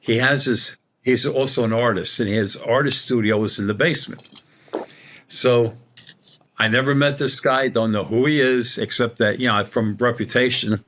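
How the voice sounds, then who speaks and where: A man's voice: medium pitch, fairly even intonation, moderate pace, bright, forceful tone. A man guest, a psychic medium, telling a rambling personal story in a casual way and retelling what people said. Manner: rambling, retells dialogue with "she goes".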